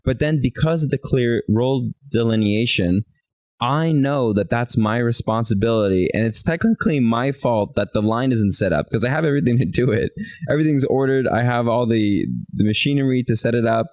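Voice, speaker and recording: A man's voice: medium pitch, fairly quick, darkish tone, dry recording, rough recording. A man co-hosting a relationship talk show, telling stories animatedly and acting out bits of quoted dialogue. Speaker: podcast co-host. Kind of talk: casual chat.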